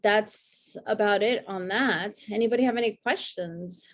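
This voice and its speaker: A woman's voice: medium pitch, a little slow. A woman hosting a virtual whiskey tasting over a video call, telling a brand's history in a loose, chatty way with many fillers and restarts. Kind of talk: casual talk for a virtual tasting.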